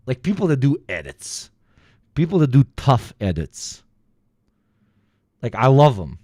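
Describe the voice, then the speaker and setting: A man live-streaming a video reaction, chatting casually, joking and swearing, jumping from loud outbursts to low mutters. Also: very animated, normal speed, dry recording, studio quality. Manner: loud, swearing, jokey, swings between shouting and muttering.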